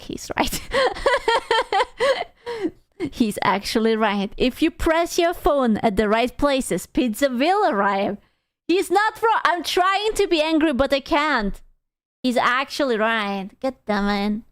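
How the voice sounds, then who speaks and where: A woman streamer with a high, smooth and clear voice, chatting with her viewers at an easy pace. She swears freely, bursts into laughter and puts on mock outrage, all in a dry, close sound. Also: animated, slow pace, dry recording. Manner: loud laughing reactions and frequent swearing. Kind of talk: casual stream chat reading comments.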